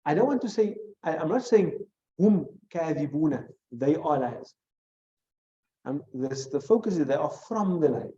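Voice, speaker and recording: Male teacher with a fairly high, mellow voice that quizzes a class step by step, recorded in an echoey room. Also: expressive. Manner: explains step by step, quizzing students with questions; recites short Arabic phrases quickly. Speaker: Arabic grammar teacher. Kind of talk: classroom lesson. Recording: echoey room, dull lo-fi sound.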